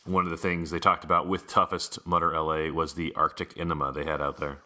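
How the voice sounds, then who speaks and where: A man's voice: a bass voice, level tone, brisk, background noise. A man hosting a podcast, giving a casual, wry, matter-of-fact news rundown. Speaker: podcast host.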